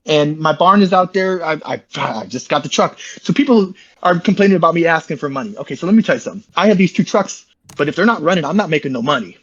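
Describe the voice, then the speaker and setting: A man's voice: on the high side, lively intonation, breathy edge, lo-fi sound. A man, an interview guest, telling a long rambling story in slangy, repetitive casual talk over a call. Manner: fast, repetitive, slangy, says "bro" often.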